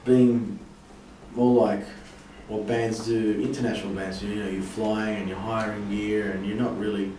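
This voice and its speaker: A man's voice: on the low side, flat delivery, normal speed, noisy background. A man, a band member chatting in an interview, telling stories loosely and swearing freely. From Australia. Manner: swearing, laughing storyteller. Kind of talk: casual interview chat. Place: pub venue. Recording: echoey pub room, mic from far off.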